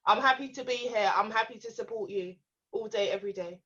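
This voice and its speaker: A British woman guest, warm and effusive, speaking over a video call. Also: on the high side, fairly quick, husky, far from the mic, dull audio. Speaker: podcast guest.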